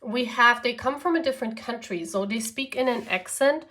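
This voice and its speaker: A tarot reader whose first language is German speaks with a German accent, doing a chatty pick-a-card reading for her viewers. Her voice is a little high and sharp at normal speed, and she keeps tacking on "okay?" and "yeah?".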